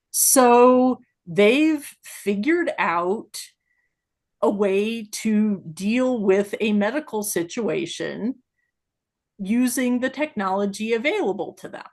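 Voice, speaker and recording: Slow-talking woman explaining with fillers. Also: mid-range voice. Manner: explanatory, many "like" fillers, animated when making a point. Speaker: podcast co-host. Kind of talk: casual discussion.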